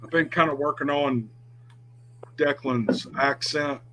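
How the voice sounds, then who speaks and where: A man's voice: on the high side, steady tone, slow pace, sharp tone, a little hiss or hum, poor audio. A man chatting casually on a podcast, talking about doing character voices with some self-doubt. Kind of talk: casual chat.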